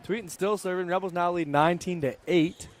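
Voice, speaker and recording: A young man offering relaxed, analytical color commentary on a high school volleyball match. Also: brisk, soft background music. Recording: faint gym noise behind.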